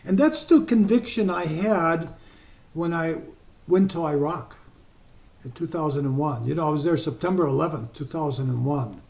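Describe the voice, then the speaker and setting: Older man telling stories, slow soft suggestions. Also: fairly high pitch, gravelly. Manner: storytelling, slows to soft deliberate suggestions. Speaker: hypnotist speaker. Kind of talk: talk to an online group, with guided suggestion.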